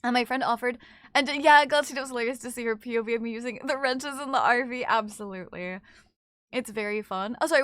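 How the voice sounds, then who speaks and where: A young adult woman streaming games, chatting casually and reading her chat aloud in quick, excited bursts. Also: fairly high pitch, smooth, dry recording, clean studio sound. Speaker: game streamer.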